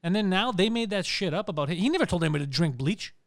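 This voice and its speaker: A man's voice: high-pitched, expressive, rapid-fire, dry recording, studio quality. A man co-hosting a comedy podcast, ranting in casual, profane banter. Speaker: podcast co-host.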